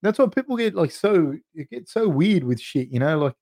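A man's voice: a little high, very animated, normal speed, dark tone, dry recording, clean studio sound. An Australian man in his thirties hosting a podcast, answering live chat questions in loose, chatty talk with frequent swearing and "dude". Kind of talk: casual live-stream Q&A.

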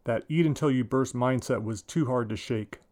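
Author in his forties, reads his own story plainly, mid-pitched. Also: normal speed, a little mellow. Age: 40s. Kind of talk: story reading.

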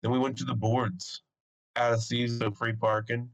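Animated young man telling a story. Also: medium pitch, moderate pace, lo-fi sound. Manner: animated, swearing, laughs often. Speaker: podcast co-host. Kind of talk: casual storytelling chat.

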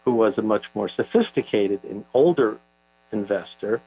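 An older man talks through a story in a thoughtful, halting way, pausing on fillers as he goes. The recording is dull and lo-fi, with a low mains hum underneath. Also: animated. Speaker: author being interviewed. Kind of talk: conversational interview.

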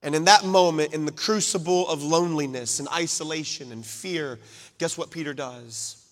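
A man preaching a sermon, swinging from loud declarations to hushed asides and acting out the quoted lines. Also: fairly high pitch, normal speed. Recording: long hall reverb.

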